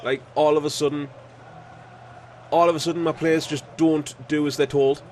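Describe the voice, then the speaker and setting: A man commentating on his own football video game match, frustrated and swearing, with sudden excited outbursts. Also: a little high, normal speed, a little hiss or hum. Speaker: gaming YouTuber.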